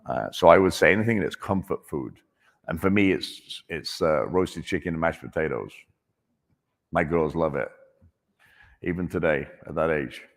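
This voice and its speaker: A man working as a chef, joking with and encouraging audience members in a casual, animated way. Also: extremely low pitch, normal speed, creaky. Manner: jokey and encouraging, with restarts. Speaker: chef answering audience questions. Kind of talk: casual, animated conversational talk. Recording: echoey hall.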